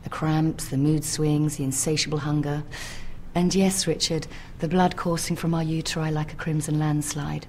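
A woman delivering a scripted, deadpan apology as a company executive in a video ad. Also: sits low, normal speed, a little hiss or hum. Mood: mock-solemn.

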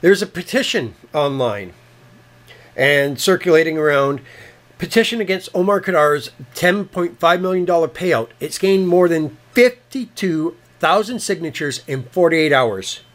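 A man's voice: on the high side, animated, unhurried, a bit bright. Blunt, profane podcast ranter, man. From Canada. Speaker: podcast co-host. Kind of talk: ranting political commentary.

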